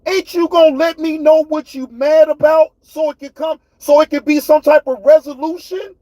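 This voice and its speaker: A man's voice: very high voice, steady tone, normal speed, dark tone, no room sound, poor audio. A man with hosting his own livestream, ranting at his chat in a fiery, profane way. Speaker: livestream host. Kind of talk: heated livestream rant.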